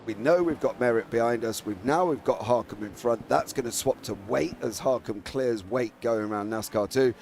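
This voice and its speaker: English man, gravelly, sim race commentator, teasing and excitable. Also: mid-range voice, normal speed, few pauses, slight background noise. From England. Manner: excitable, teasing, shouts at drivers.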